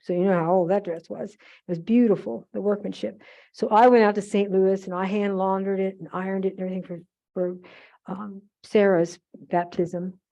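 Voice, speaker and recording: An older woman talks warmly and loosely to an audience, and her anecdotes drift from one keepsake to the next. She breaks off mid-phrase and corrects herself often. Her voice is soft and dark, and the archive recording sounds a little muffled. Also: mid-range voice, level tone, moderate pace, gravelly. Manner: rambling, fond, frequent asides and self-corrections. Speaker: guest speaker at a museum holiday event. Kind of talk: chatty anecdotal talk to an audience.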